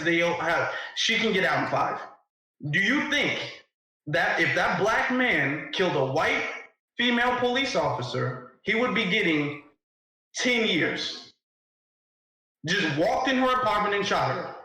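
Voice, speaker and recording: A man's voice: high voice, big pitch swings, a little slow, bright, forceful tone, heavy reverb, poor audio. A man hosting a live debate, pressing his points and firing repeated questions. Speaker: live stream host. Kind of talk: heated debate.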